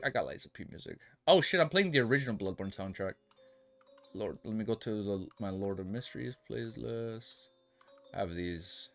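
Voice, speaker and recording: Faint music plays in the background while this young man livestreams, his voice on the high side, bright and forceful. His casual chat wanders, heavy with swearing, restarts and self-corrections.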